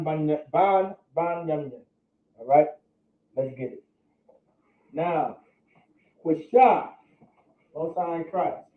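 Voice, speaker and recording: A man teaching a class at a board, slow and patient, breaking words into syllables and repeating them. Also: on the high side. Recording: echoey room over a phone-like line.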